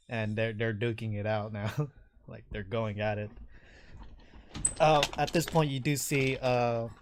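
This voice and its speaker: A man's voice: mid-range voice, steady tone, slow pace, pauses often, noisy background. Man narrating as game master. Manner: hesitant, filler-heavy narration.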